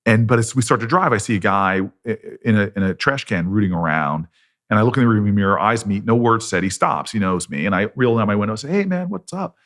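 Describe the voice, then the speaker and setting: A man's voice: fairly low pitch, fast talker, a bit bright. A middle-aged man, a senator on a podcast, telling a personal story in an earnest, self-deprecating way. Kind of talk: conversational storytelling.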